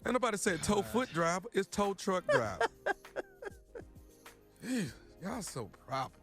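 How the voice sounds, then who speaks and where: Lively, joking man with a high voice. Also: a little slow, faint music behind. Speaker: radio show regular, the nephew.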